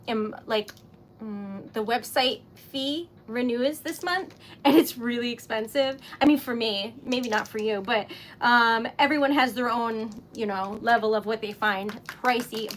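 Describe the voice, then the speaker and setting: A woman hosts a relaxed craft livestream in a high, bright voice. She talks at an unhurried pace, giggling and getting flustered often. A faint rumble sits under the recording. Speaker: livestream host making wax seal stickers. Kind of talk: casual livestream chat.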